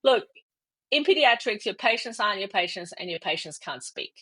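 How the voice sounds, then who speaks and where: A woman's voice: medium pitch, fairly quick, slightly rough. A middle-aged woman, a guest expert, telling a personal story in an interview and acting out the dialogue. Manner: animated, acts out quoted dialogue with laughs.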